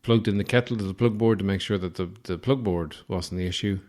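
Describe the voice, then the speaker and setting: Irish podcast host, lowish voice, rambling, self-deprecating comic storyteller. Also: male voice, a little fast, darkish tone.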